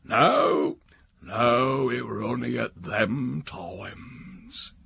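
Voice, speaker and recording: Storybook old countryman, gravelly drawl, unhurried and sly, as a male reader puts him on. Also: mid-range voice, animated, bright, forceful tone, heavily acted. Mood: rueful. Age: older. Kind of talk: audiobook reading.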